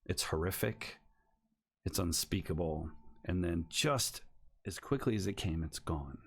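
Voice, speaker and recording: Game master narrating horror, low and husky, builds tension with hushed asides. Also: male voice, a little slow. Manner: descriptive, building suspense, drops to whispers.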